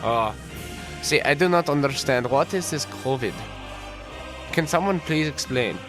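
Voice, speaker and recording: A man's voice: mid-range voice, expressive, measured pace, over music, natural voice. A man putting on a fake Russian accent as a clueless Soviet co-anchor who keeps asking baffled questions in broken English. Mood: baffled eager. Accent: put-on Russian. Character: clueless Soviet male co-anchor, eager and puzzled.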